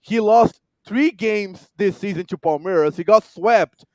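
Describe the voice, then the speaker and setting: A man's voice: sits high, dry recording, highs cut off. A man with a Brazilian Portuguese accent, not a native English speaker, co-hosting a casual sports podcast with lots of fillers and restarts. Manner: animated, halting with many fillers. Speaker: podcast co-host.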